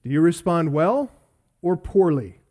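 A middle-aged pastor delivers a sermon in a somewhat high, animated voice with a darkish tone and a measured pace. He asks earnest questions and shares personal stories laced with self-deprecating humor.

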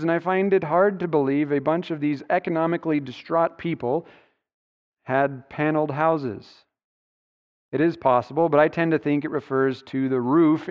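A man delivers a sermon in a fairly high, smooth and resonant voice. He works through a scripture passage and leans on key words to drive each point home. The sound carries a long church-hall reverb and a dull, muffled tone. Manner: expository preaching, stressing key words. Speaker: pastor. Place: church sanctuary.

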